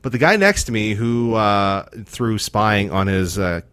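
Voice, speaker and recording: A man, co-hosting a podcast and telling a rambling, animated travel rant full of restarts. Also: fairly low pitch, a little slow, clear, resonant tone, no echo. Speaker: podcast co-host. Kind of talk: casual chat, comic travel rant.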